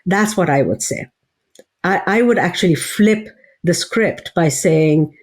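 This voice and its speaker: A woman's voice: lowish voice, normal speed, darkish tone. A woman, a psychology professor and author, giving thoughtful interview answers with frequent fillers and restarts.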